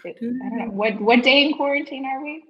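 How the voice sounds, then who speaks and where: A woman co-hosting a casual chat show, playful and quick to laugh. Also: high-pitched, muffled recording. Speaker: co-host.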